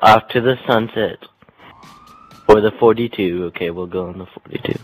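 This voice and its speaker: A young man joking around with friends while playing an online game, goofy and loud, sometimes acting out a rogue cop. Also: lowish voice, moderate pace, poor audio. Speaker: gamer. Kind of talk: casual gameplay banter.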